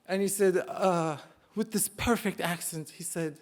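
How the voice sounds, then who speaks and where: A man's voice: sits high, fairly even intonation, normal speed, a little hiss or hum. A man in his forties from Turkey with a Turkish accent, telling a funny personal story live on stage, self-mocking and building to punchlines. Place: live stage before an audience.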